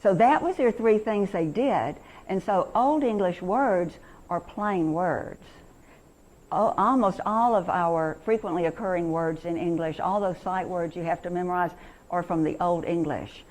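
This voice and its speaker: A woman's voice: on the low side, measured pace, darkish tone, rough recording. A woman in her sixties giving a chatty, encouraging workshop talk on reading to teachers and parents, with many restarts.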